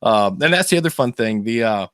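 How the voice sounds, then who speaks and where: A man's voice: medium pitch, lively intonation, fairly quick, a bit bright, no echo, studio quality. A man co-hosting a podcast, telling stories in casual chat, laughing often. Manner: chatty storyteller, laughs often, many fillers. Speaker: podcast co-host.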